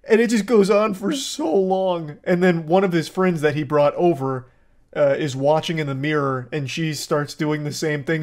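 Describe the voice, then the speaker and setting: A young man giving casual, rambling commentary on a TV show, crude and amused. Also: fairly high pitch. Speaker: show reviewer.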